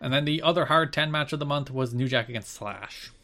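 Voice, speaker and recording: Fast-talking male podcast co-host. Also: a little high, sharp tone. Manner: brisk recapping with repeated phrases. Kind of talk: casual podcast chat.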